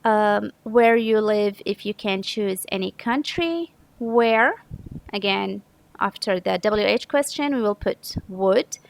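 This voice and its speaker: A woman's voice: mid-range voice, expressive, slow pace, vocal fry, slight background noise, rough recording. A woman teacher from Saudi Arabia patiently walking through an English grammar lesson step by step, often correcting herself. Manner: patient, step-by-step explaining with frequent self-corrections.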